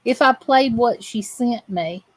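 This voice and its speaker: A woman's voice: on the high side, a little slow, dry recording, poor audio. A woman hosting a crafting channel, chatting to viewers as she crochets and greeting them by name. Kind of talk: live crochet chat with viewers.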